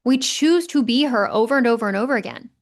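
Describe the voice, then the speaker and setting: A woman's voice: on the high side, fast. Emphatic motivational woman podcaster. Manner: emphatic, conversational, mild swearing. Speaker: podcast host. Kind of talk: casual motivational podcast monologue.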